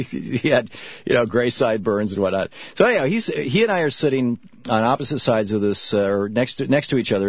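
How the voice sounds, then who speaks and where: A middle-aged man from Michigan hosting a call-in radio show, telling stories and answering callers in a halting, reflective way. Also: mid-range voice, no echo. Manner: reflective storytelling, halting with restarts. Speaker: radio talk show host. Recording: dull muffled radio broadcast.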